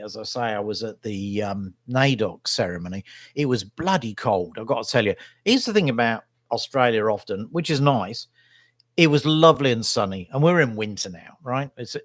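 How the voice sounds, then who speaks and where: A man's voice: medium pitch, no room sound, studio quality. A middle-aged man, talking in a casual, rambling monologue as a vlogger, blunt in his opinions and often tagging his sentences with "right?". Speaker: vlogger and local newspaper photographer.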